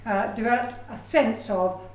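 A woman's voice: a little high, moderate pace. Chatty woman lecturing in an echoey room. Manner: lively, chatty, with personal asides and acted quotes. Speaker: education researcher giving a talk. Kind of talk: lecture presentation.

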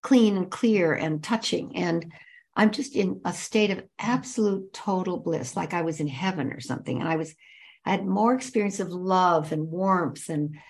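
A woman's voice: lowish voice, darkish tone. An older woman, a podcast guest, telling a personal story in vivid detail and stretching out her emphatic words. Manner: vivid, repetitive description with drawn-out emphasis.

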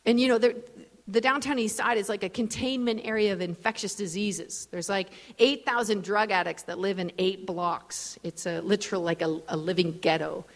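A woman preacher giving a storytelling sermon in a casual, animated way, full of fillers. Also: mid-range voice, normal speed, in a large hall. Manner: conversational, animated, many fillers. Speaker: preacher, guest speaker. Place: large event hall.

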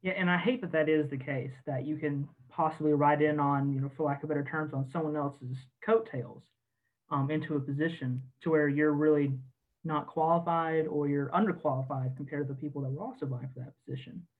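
A man, an army officer guest, talking in a casual podcast discussion in an earnest, measured way, with frequent ums and self-corrections. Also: on the high side, fairly even intonation. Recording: tinny phone-like line.

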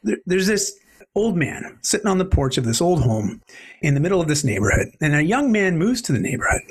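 A man in his forties, an animated guest telling stories in a conversational interview. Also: on the high side, fairly quick, husky. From Canada. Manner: animated, expressive storyteller.

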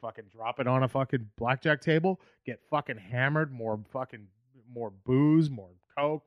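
A man's voice: medium pitch, normal speed, dry recording, narrow, tinny audio. A man with a Boston accent, a comedian in his thirties, telling stories in a rambling, profane way on a casual podcast. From Boston area, USA. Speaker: comedian guest.

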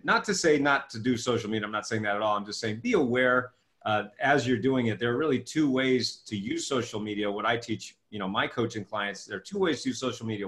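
A middle-aged man, an author and coach, talking in an interview and telling a story with lively acted-out dialogue. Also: mid-range voice. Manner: animated storytelling, acts out his own past dialogue. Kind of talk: interview conversation.

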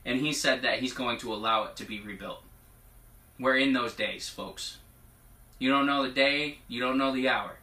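A man preaching informally, reading scripture aloud in a chatty way, often laughing and at times turning hushed and emotional. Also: medium pitch, moderate pace. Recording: echoey room, mic at a distance.

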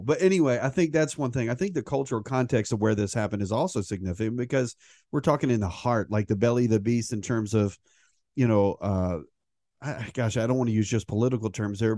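A man's voice: medium pitch, warm tone, no room sound. A middle-aged man co-hosting a podcast, talking in a chatty, joking way. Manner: chatty and joking, with frequent restarts and laughs. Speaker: podcast co-host. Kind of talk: casual conversational podcast chat.

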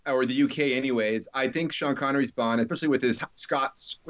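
A man's voice: mid-range voice, brisk. A man co-hosting a podcast, chatting in a teasing, talkative way. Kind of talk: casual chat. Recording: dull lo-fi sound.

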